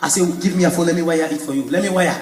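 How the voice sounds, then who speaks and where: A man, a pastor preaching a sermon with animated storytelling, sudden shouts and spoken sound effects. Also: fairly high pitch, racing, recorded from a distance. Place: church. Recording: echoey church hall with music, crowd.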